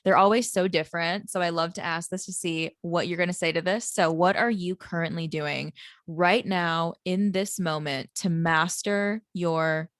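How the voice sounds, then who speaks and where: A woman's voice: fairly low pitch, fairly even intonation, normal speed, fairly bright tone, dry recording, studio quality. A woman hosting a podcast, enthusiastic and affirming, with many "you know" and "like" fillers. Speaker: podcast host. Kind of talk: casual podcast conversation.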